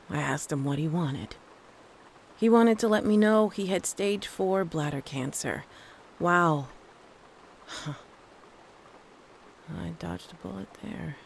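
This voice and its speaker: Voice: medium pitch, a little hiss or hum. A narrator reading a first-person scary story, with dry, wry asides. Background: faint thunderstorm ambience.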